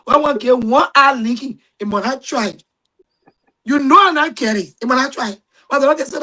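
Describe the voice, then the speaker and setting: A middle-aged woman with a Liberian accent, a guest telling animated stories in casual talk and raising her voice for the people she quotes. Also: sits high, normal speed, poor audio. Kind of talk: casual storytelling.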